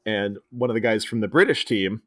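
Briskly and in a lowish voice, this podcast co-host retells a movie, slipping into the characters' lines with animated flair. The studio sound is clean, with no echo.

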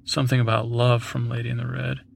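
A man's voice: medium pitch, completely flat delivery, fast, gravelly, slight background noise. A man hosting a sleep podcast, reading through a long list in a drowsy way, with chuckles, asides and bits of song. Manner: breaks into snatches of song. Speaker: podcast host.

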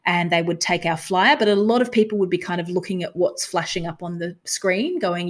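Young Australian woman, somewhat low voice, guest on a podcast interview, lively storyteller who plays out the lines she quotes. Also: moderate pace, few pauses. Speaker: guest, touring comedy performer.

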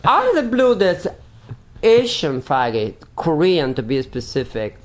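A woman with a Spanish accent, a guest performer telling a story in casual chat, halting with fillers and restarts and breaking into loud laughs. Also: on the low side, big pitch swings, slight background noise. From from Spain.

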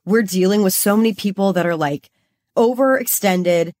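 A woman's voice: medium pitch, moderate pace, a little mellow. A young woman from Los Angeles co-hosting a podcast, talking in a bubbly, chatty way and saying "like" a lot. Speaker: podcast co-host. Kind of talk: casual chat.

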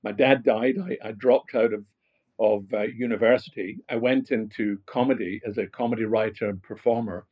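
This guest is a motivational speaker from Glasgow, Scotland, whose low-leaning, husky voice holds a steady tone at normal speed, with the highs cut off. He recounts his life thoughtfully, with many fillers and restarts, becoming more animated when telling anecdotes.

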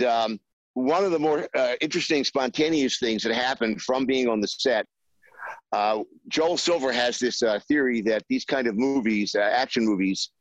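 A man telling a behind-the-scenes anecdote in an interview, halting with many fillers and acting out the voices he quotes. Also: medium pitch, fairly bright tone, dry recording, highs cut off. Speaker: screenwriter guest.

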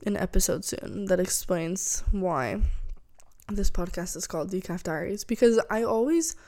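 Chatty young woman with vocal fry. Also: on the low side, mellow. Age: young adult. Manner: rambling, chatty, lots of fillers. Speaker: podcast host. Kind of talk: casual solo chat.

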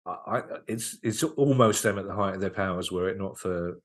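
A man, a guest comedian, chatting casually on a podcast and telling anecdotes, often stopping and restarting mid-sentence. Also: deep voice. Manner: anecdotal, halting with frequent restarts.

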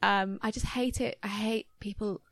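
A woman's voice: mid-range voice, fairly even intonation, normal speed, a bit bright, dry recording. A woman in her late twenties or older, a podcast co-host chatting frankly, swearing freely and laughing often. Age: late 20s or older. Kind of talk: casual chat.

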